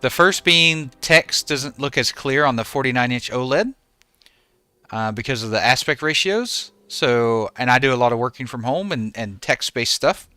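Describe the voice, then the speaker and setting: A man's voice: medium pitch, animated, normal speed, bright, forceful tone, smooth, no echo, faint music behind. A man in his forties, a game streamer chatting casually with his viewers and answering them by name.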